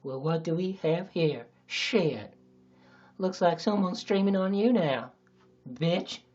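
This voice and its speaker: A man doing a slow, menacing Texan drawl as an angry, swearing tough guy. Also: high voice, expressive, a little mellow, highs cut off, pitched above the performer's own voice, full character voice. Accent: Texan, put on.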